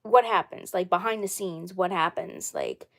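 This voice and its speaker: A woman's voice: lowish voice, wildly swooping pitch, moderate pace, a bit bright. A woman hosting her own live stream in a casual chat, rambling and repeating herself often. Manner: rambling and repetitive. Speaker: channel host.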